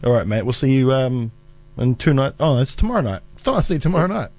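A man's voice: medium pitch, big pitch swings, fast, darkish tone. A man with a New Zealand accent hosting a radio interview, friendly and chatty, laughing easily. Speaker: radio host. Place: radio studio.

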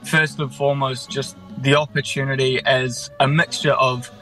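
Bright-toned New musician, chatty. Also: male voice, medium pitch, flat delivery, normal speed, faint music behind, poor audio. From New Zealand. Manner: enthusiastic, chatty, self-deprecating. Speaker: musician, interview guest. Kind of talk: casual radio interview.

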